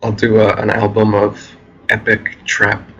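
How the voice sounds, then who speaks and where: A man talks as a guest in a relaxed interview, his delivery flat and monotone yet calm. His voice sits a little low, with a bright, forward edge. His speech is unhurried and easygoing. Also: dull audio. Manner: monotone, calm and laid-back. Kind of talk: casual conversation.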